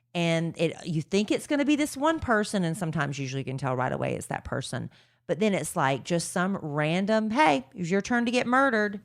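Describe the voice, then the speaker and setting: A woman co-hosting a podcast, talking in an animated, chatty way in casual conversation. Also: fairly low pitch. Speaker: podcast co-host. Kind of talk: casual chat.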